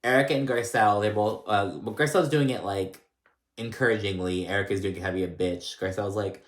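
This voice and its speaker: A man's voice: on the low side, fairly quick. A man casually recapping a reality show, gossipy and blunt, with lots of "like" and swearing. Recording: echoey room.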